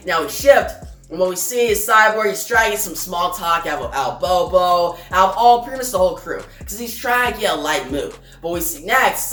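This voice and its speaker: A low-pitched woman recapping a comic, chatty and loose, breaking off for quick asides. Her voice sounds distant in a roomy space, with faint music underneath. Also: fairly bright tone. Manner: chatty, reads dialogue aloud with quick asides. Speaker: comic book reviewer. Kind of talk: casual retelling of a comic issue.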